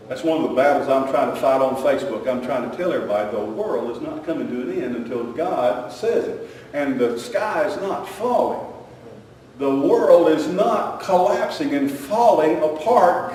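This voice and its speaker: High-voiced folksy preacher in an echoey hall. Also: male voice, darkish tone, slight background noise. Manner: folksy, rambling, repeats phrases, chuckles. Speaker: pastor. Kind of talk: sermon. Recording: echoey hall, mic far off.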